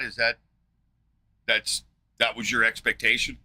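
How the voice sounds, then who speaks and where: A man's voice: medium pitch, bright, forceful tone, no room sound. A man hosting a livestream, firing angry, profane questions at a chat participant he is frustrated with. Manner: combative, profane, rapid questioning. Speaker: livestream host. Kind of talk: heated livestream rant.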